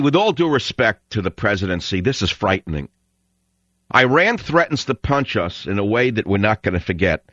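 A man hosting a talk radio show, ranting in an animated way and breaking into loud shouting. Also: medium pitch, dry recording. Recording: dull lo-fi radio broadcast.

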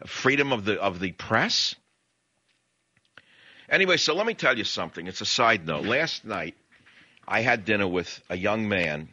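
Forceful, combative male talk radio host. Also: medium pitch, no echo, lo-fi sound. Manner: combative, sneering, insulting. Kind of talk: ranting political talk radio monologue.

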